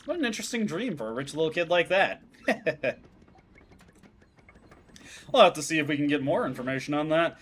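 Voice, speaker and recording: A man's voice: a little high, sing-song, moderate pace, long pauses, fairly bright tone, a little hiss or hum. Chatty man streaming a game. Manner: chatty, laughs often. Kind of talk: game commentary while reading dialogue aloud.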